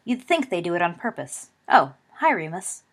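A woman's voice: on the low side, big pitch swings, moderate pace. Woman voicing an indignant schoolboy. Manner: protesting, aggrieved. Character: indignant, complaining teenage schoolboy.

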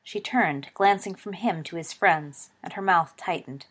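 Expressive woman reading a story aloud. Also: on the low side, measured pace. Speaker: narrator. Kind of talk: audiobook reading of fan fiction.

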